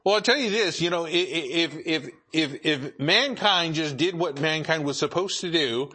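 A man preaching a sermon as pastor, halting with many repeated words and filler sounds. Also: a little high, pushed and bright, husky.

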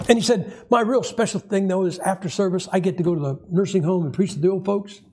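A middle-aged man preaching a sermon, telling stories in a wry, animated way with a husky voice. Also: high-pitched, quick pace, slight background noise. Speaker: pastor.

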